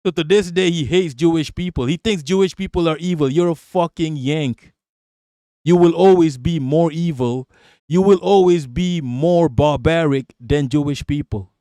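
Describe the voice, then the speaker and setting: A man's voice: fairly high pitch, moderate pace, warm tone, no room sound, studio quality. Profane, rambling male streamer. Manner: profane, rambling, blunt, talks straight to chat; laughs often between remarks. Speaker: live streamer reading chat. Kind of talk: live-stream political commentary.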